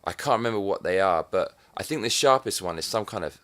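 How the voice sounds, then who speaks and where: With a deep, expressive voice and a quick pace, a thirty-something English vlogger addresses the camera in a profane, sardonic comic rant. His volume shifts up and down as he speaks.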